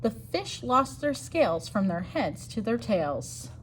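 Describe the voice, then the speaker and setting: A woman reading a rhyming picture book aloud for storytime, sing-song and expressive. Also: a little high, slow, a little hiss or hum. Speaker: storytime reader.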